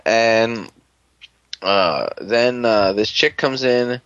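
A man's voice: mid-range voice, animated, extremely slow, a bit bright, no room sound, lo-fi sound. A man hosting a casual chat, recapping a show in a rambling, sarcastic, profane way, groggy and unwell. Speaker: podcast host.

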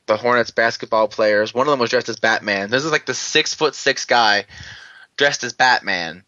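A man with a bright, forceful voice tells a long, rambling story over casual chat, stumbling through fillers and restarts and chuckling along the way. The recording is dull and lo-fi, with a dry, close sound. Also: mid-range voice, no echo.

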